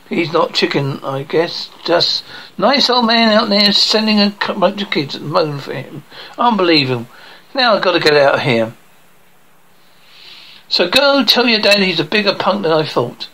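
A bright, crisp-edged voice reads through a cartoon episode scene by scene. Character dialogue and spoken sound captions run together, broken by clipped words and restarts. The pitch sits in the middle range. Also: lively intonation, moderate pace, low-quality recording. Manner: jumps between characters' lines and caption readouts.

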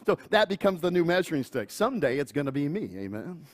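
Middle-aged pastor guy preaching, kinda high voice, earnest, jokes around and does family voices. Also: normal speed. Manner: earnest, animated preaching with asides and chuckles; acts out quoted family voices in higher pitch. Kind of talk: sermon.

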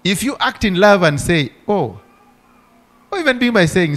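Higher-voiced man preaching a sermon. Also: sing-song, moderate pace, pauses often, a bit bright. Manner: preaching with rhetorical questions and repeated hallelujahs. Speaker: pastor.

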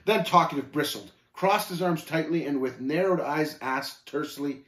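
A man reading a story aloud in a church setting, with animated, expressive storytelling. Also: fairly high pitch, moderate pace, few pauses, echoey room. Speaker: reader. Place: church room.

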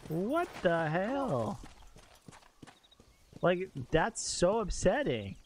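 Young male game streamer, slow-paced and lively, quick to swear and react to chat. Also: sits high, a little hiss or hum. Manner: exclamatory, swears often, talks to chat. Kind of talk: live gameplay commentary.

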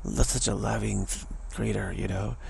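A man with a gravelly, husky voice giving a rambling spiritual monologue, often restarting phrases and mocking the voices of others. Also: lowish voice, steady tone, moderate pace, a little mellow.

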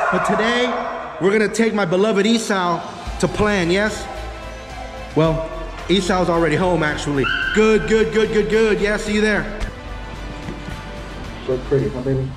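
A man's voice: fairly high pitch, big-room sound. A man with a Texan accent, a dog trainer talking casually and profanely to the camera, his dogs and a helper while he trains.

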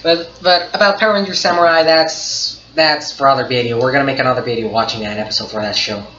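Young-sounding male reactor, excitable and giggly, tense bright tone, roomy lo-fi sound. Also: mid-range voice, quick pace, a little hiss or hum. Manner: excitable, laughs often, repeats himself. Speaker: anime reaction channel host. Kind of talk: casual reaction commentary. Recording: dull, echoey room recording.

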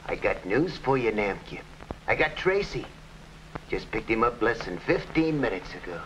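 A sneering gangster boss. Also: male voice, lowish voice, very animated, moderate pace, a bit bright, a little hiss or hum. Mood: gloating. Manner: sneering, gloating, hard-boiled. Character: scheming gangster boss Flat Top, grown man. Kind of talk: 1940s radio acting. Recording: dull old radio recording.

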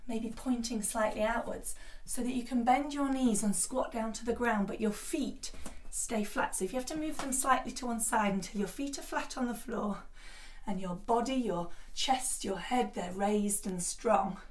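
A woman guides children through a yoga class, gentle and encouraging, with a slightly high voice. She sounds set back from the mic in an echoey room. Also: moderate pace, far from the mic.

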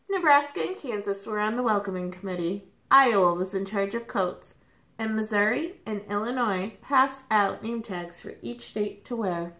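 A woman reading a children's picture book aloud with animated, expressive storytelling, in the manner of a teacher. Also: on the high side. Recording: roomy echo.

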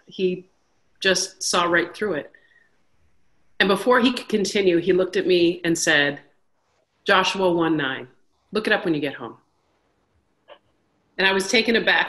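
A woman's voice: mid-range voice, moderate pace, fairly bright tone. A middle-aged woman from Canada giving a personal faith testimony, earnest and storytelling, with a few fillers. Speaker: reflection speaker.

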